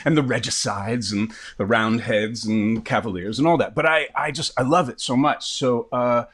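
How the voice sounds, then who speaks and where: A man's voice: medium pitch, moderate pace, a bit bright, breathy edge. A man, an actor, chats eagerly as an interview guest. His wording turns a little theatrical at times, and he speaks into a professional microphone in a room with a slight reverb, joining over a video call. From New York. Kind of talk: casual interview chat.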